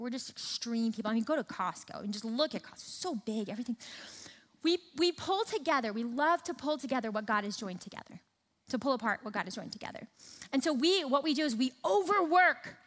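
A high-voiced woman delivers a sermon with emphatic, rhythmic repetition. Her voice carries a long reverb, as in a large hall. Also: a bit bright. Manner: emphatic, repeats phrases for rhythm. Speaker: speaker at a church teaching session.

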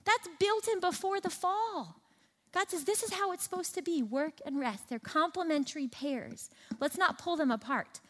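A woman's voice: high-pitched, long reverb tail. A woman preaching a sermon, emphatic, repeating phrases for rhythm. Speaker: speaker at a church teaching session.

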